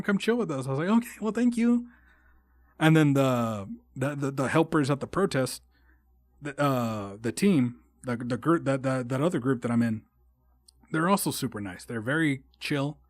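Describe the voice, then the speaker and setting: A man's voice: medium pitch, no room sound. A young man hosting a solo podcast, rambling and swearing a lot with frequent restarts. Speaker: podcast host. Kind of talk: casual solo podcast monologue.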